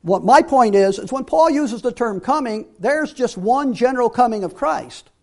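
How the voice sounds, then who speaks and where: A man giving a Bible teaching sermon, emphatic, repeating key phrases and dropping to quiet asides. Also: very high voice, expressive, moderate pace.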